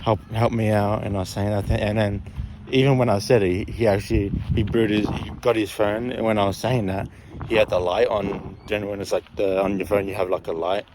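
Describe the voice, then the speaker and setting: A man's voice: lowish voice, fairly even intonation, fairly quick, noisy background. A young man telling a story in a casual, rambling way, often repeating and correcting himself.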